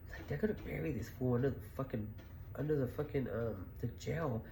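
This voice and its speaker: With an extremely low, dark-toned voice, a middle-aged podcast host talks a little fast over slight background noise. She rambles through casual stories, swearing freely, speaking bluntly and breaking into laughter.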